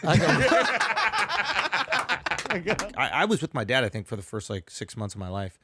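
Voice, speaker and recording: A man's voice: on the high side, measured pace, heavy background noise. A man, a comedian, telling stories in a casual podcast chat and swearing freely as he goes. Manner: animated, laughing storyteller who swears freely.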